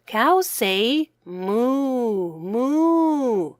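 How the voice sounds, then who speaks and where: A woman voices a gentle, patient mother in a children's storybook, explaining things softly and slowly to her little son. her voice rises and falls with lively warmth. the recording is dry and close. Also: fairly high pitch, no room sound, heavily acted.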